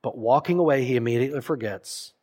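A man preaching a sermon as pastor, emphatic and earnest, acting out imagined prayers and dropping to soft, solemn lines. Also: mid-range voice, fast, slightly rough. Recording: long hall reverb.

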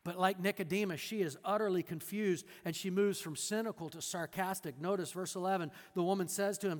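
A man preaching a sermon as a pastor, animated, acting out the voices of the people in the story, then dropping to a quiet, earnest tone. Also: high-pitched, a little fast, hardly any pauses, long reverb tail.

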